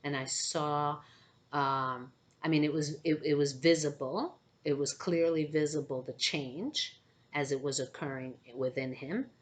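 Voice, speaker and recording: Low-voiced woman telling a spiritual story. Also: fairly even intonation, a little slow. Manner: hesitant, many fillers, keeps asking "okay?". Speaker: spiritual channeler and empath.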